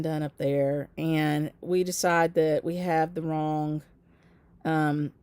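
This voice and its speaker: A woman's voice: fairly low pitch, no echo. Chatty woman telling a story. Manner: chatty, laughing asides, animated quoting. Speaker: craft channel host. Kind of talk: casual storytelling to viewers.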